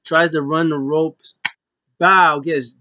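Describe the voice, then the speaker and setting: A man giving a casual play-by-play recap of a wrestling match, excitedly acting out the wrestlers' lines. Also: on the high side, slow, no room sound. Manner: excitable, acts out wrestlers' lines in raised voices. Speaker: wrestling show reviewer.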